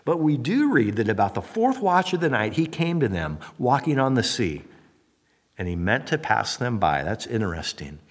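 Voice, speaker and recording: A man preaching a sermon as a pastor, animated, acting out the voices of the people he quotes. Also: medium pitch, normal speed, in a large hall.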